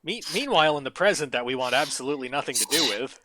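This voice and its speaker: A woman's voice: extremely low pitch, animated, rapid-fire, a bit bright, a little hiss or hum. A woman co-host chatting casually over a story game with dry, joking comments.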